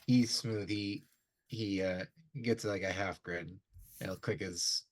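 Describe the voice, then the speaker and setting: A man narrating as game master, halting with many fillers. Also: low voice, steady tone.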